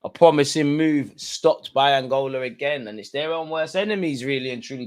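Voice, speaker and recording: Excitable football streamer. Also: male voice, medium pitch, brisk, few pauses. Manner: excitable, slangy, swings from mutters to shouts. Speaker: watch-along streamer. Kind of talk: live football watch-along commentary.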